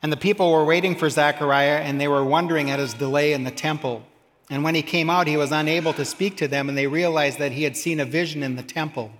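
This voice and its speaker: A man's voice: fairly high pitch, steady tone, fast, a bit bright, big-room sound. A man preaching a sermon, reading scripture aloud and adding humorous asides. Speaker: pastor.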